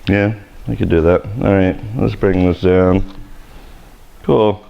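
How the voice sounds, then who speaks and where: A man's voice: sits low, fairly even intonation, takes it slowly, gravelly, muffled recording. A man hosting a live haircutting tutorial, joking and rambling in a self-deprecating way while he cuts. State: sweaty. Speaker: hairstylist host. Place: hair salon education studio.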